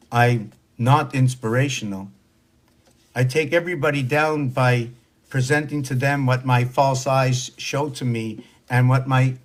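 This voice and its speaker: Rambling preachy man in his sixties. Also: mid-range voice. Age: 60s. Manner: meandering, preachy, rhetorical questions. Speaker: social media monologuist. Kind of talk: rambling spoken monologue.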